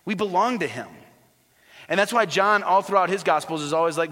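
A man preaching in a big sanctuary, his voice bright and a bit higher than most men's. It rings with a long hall reverb. He swings from animated exhortation to a soft, hushed tone. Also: a little fast. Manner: animated preaching, drops to a soft hush for tender lines. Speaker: pastor. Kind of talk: sermon.

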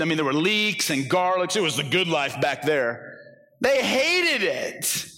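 A pastor in his forties preaching a conversational, animated sermon in a church, often acting out the voices he quotes. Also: sits high, moderate pace, big-room sound. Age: 40s.

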